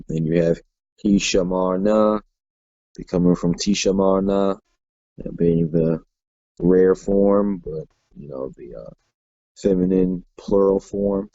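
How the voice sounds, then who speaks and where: A man teaching a Hebrew grammar class in a relaxed way, with lots of fillers and restarts. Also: deep voice, creaky, no room sound. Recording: dull lo-fi class recording.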